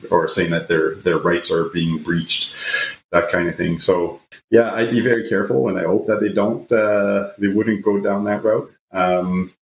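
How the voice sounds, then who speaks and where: Deep-voiced, hesitant male guest. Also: little pitch movement. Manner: hesitant, measured, many fillers. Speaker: immunologist guest. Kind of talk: casual panel discussion. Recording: roomy remote audio with faint hiss.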